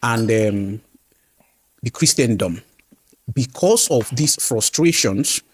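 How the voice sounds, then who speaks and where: A man's voice: medium pitch, expressive, takes it slowly, husky, dry recording. A male interviewer who asks pointed, prodding questions.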